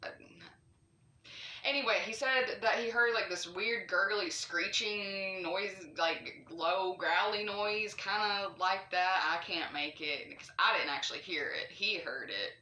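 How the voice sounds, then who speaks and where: A chatty woman from North Carolina tells a spooky story straight to camera. Her voice is bright and forward, with lots of fillers and asides. The sound comes from a room with a noticeable echo. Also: medium pitch, a little slow, a little hiss or hum. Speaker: vlogger.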